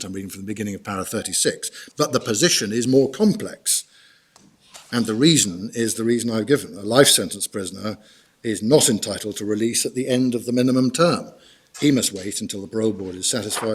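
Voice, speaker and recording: Brief: male barrister, lowish voice, measured courtroom submissions, formal and orderly. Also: slightly rough. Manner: measured, formal, guides the bench through documents. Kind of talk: courtroom legal argument. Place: court hearing room.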